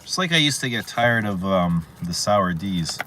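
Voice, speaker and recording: Deep-voiced man chatting casually. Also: big pitch swings, normal speed, noisy background. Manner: rambling, enthusiastic, repeats himself. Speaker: fragrance livestream host. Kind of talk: casual livestream chat reading viewer comments.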